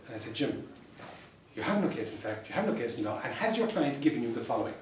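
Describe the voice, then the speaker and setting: An Irish solicitor and mediator giving an anecdotal talk to fellow professionals, telling stories with dry humour and repeated punchlines. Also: male voice, mid-range voice, very animated, fast, slight background noise. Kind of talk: anecdotal presentation to a professional audience. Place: meeting room. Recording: distant mic in an echoey room.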